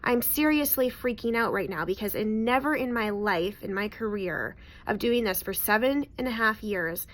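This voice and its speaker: A woman's voice: medium pitch, moderate pace, hardly any pauses. A woman in her thirties, a newborn photographer, telling a client story to the camera in a chatty, emphatic way. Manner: chatty, emphatic, repeats words for stress.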